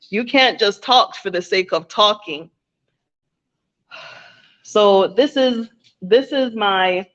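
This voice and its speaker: A woman's voice: mid-range voice, fairly bright tone. A woman with a mid-range voice makes a heartfelt appeal to her viewers. She talks earnestly, circles back over her points and keeps asking "okay?". The recording sounds a little dull and lo-fi. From Jamaica. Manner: earnest, repeats herself, asks "okay?" often. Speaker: small business owner. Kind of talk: heartfelt direct-to-camera appeal. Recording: slightly dull lo-fi audio.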